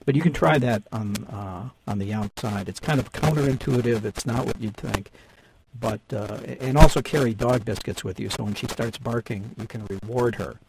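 Gravelly man explaining dog training. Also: on the low side, moderate pace. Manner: animated, acts out dog and owner voices. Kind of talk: radio call-in chat. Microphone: too close to the mic. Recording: noisy radio studio mic.

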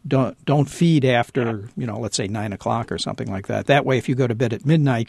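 Gravelly, dry-miked man, studio guest on a radio call-in, explains step by step with lots of restarts. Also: mid-range voice, a little mellow, no echo. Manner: halting, many restarts, patient explaining. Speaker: dog trainer, studio guest.

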